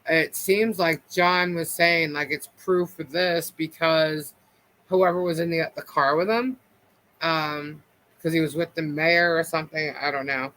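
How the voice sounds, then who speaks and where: A man hosts a casual live stream and talks to viewers in a rambling, filler-heavy way. His voice sits a little high and sounds bright. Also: fairly even intonation, a little slow, rough recording. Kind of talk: casual live chat commentary.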